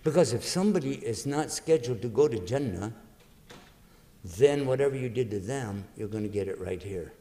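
A man's voice: mid-range voice, animated, moderate pace, mellow. A man preaching to an audience in a lecture, acting out little dialogues and quizzing his listeners. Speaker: Islamic preacher giving a lecture. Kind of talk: lively religious lecture to an audience. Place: large university lecture hall. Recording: long reverb of a lecture hall.

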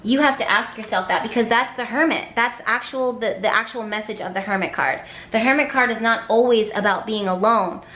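A woman's voice: on the high side, brisk, hardly any pauses, pushed and bright, echoey room. A woman giving an intuitive tarot reading to camera, talking emphatically with repetition and flashes of exasperation. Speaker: tarot card reader.

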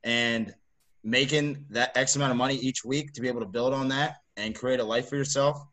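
A man's voice: mid-range voice, a little fast. Easygoing man, rambling casual talk. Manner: relaxed, rambling, heavy on "like" and "you know". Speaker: podcast co-host. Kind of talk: casual chat.

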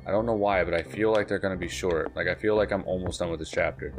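A man's voice: low-pitched, fast, music in the background. A young man giving casual let's-play commentary, jittery and swearing, repeating himself as he plays. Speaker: gamer.

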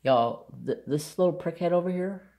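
A man's voice: high-pitched, normal speed, dark tone, echoey room. A man chatting casually to camera, telling a rambling story and sidetracking often, with blunt, offhand asides. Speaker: craft vlogger.

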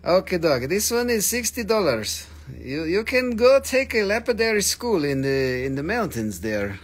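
A man putting on an Appalachian drawl as a loud, folksy male mountain craftsman who ends every phrase with "man". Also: sits high, big pitch swings, normal speed, voice pushed up. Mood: joshing. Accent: Appalachian drawl, put on.

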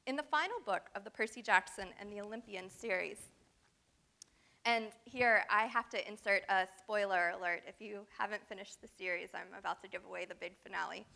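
Bright-voiced woman giving a lecture. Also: medium pitch, brisk, creaky. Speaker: guest lecturer. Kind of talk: academic lecture read from a prepared text.

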